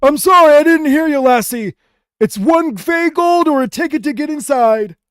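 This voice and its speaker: A man voicing a hard-of-hearing old goblin gatekeeper who shouts in a high old voice. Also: animated, normal speed, no room sound, clean studio sound. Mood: shouting.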